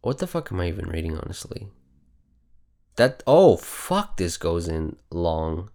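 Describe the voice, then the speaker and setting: A man's voice: deep voice, very animated, unhurried, warm tone. A man hosting a casual news commentary show, reading headlines aloud and reacting bluntly with heavy swearing. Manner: blunt, outspoken. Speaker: host.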